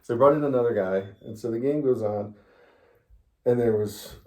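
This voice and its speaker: A man's voice: mid-range voice, normal speed. Middle-aged man telling a story, roomy sound. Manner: animated storyteller, laughs often. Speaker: interviewee, father of the host. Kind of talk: casual storytelling interview. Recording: roomy echo.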